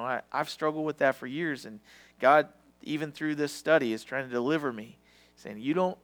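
A man preaching a sermon with passion, swinging from loud to hushed and sometimes stumbling over his words. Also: fairly high pitch.

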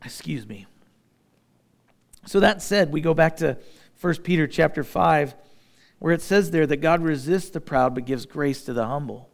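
A pastor preaching a sermon, reading scripture verses and explaining them in plain, folksy asides with light humor. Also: male voice, a little high, moderate pace, vocal fry, pauses often.

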